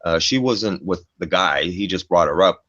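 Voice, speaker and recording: Man, low voice, swearing and emphatic, dull dry lo-fi recording. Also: moderate pace, fairly bright tone, no room sound. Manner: profane, emphatic, tags lines with "man" and "eh". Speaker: storyteller guest. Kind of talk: casual storytelling chat.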